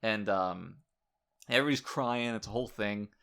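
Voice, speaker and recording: A man hosting a casual podcast chat, telling animated stories with crude, irreverent humor. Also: lowish voice, moderate pace, vocal fry, clean tone. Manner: animated storyteller, acting out quoted people. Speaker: podcast host.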